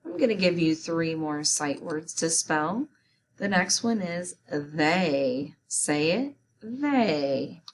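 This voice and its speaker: A woman's voice: low-pitched, animated, slow pace, slight background noise. A woman teaching a spelling lesson, carefully sounding out words letter by letter and syllable by syllable.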